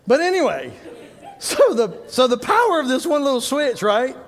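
A middle-aged pastor, preaching in a strikingly high voice. He tells lively stories and builds to loud, emphatic points. His voice rings out with a long reverb from the hall around him. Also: normal speed. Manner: animated storytelling, laughing at his own stories, rising to loud emphasis. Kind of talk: sermon.

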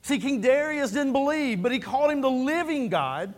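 A man's voice: extremely high pitch, big pitch swings, normal speed. A man preaching a sermon as pastor, fervent and building through repeated phrases.

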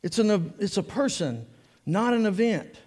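High-voiced preacher in an echoing hall. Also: male voice, measured pace, husky. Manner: animated and joking, drawing in the congregation. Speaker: pastor. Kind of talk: sermon. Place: church sanctuary. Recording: long reverb of a church hall.

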